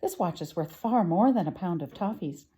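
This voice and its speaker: A woman's voice: fairly low pitch, expressive, normal speed, dark tone, husky, low-quality recording. A woman reading aloud from a storybook, voicing a kindly older woman who keeps a sweet shop, with a homely, motherly manner.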